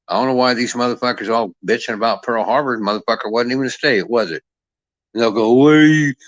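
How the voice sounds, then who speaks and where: A cantankerous middle-aged man delivers a profane, mocking rant as a boxing commentator. His voice sits low and the sound is dry and close, with no room around it. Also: a bit bright, no room sound, highs cut off. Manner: cantankerous, foul-mouthed, mocking.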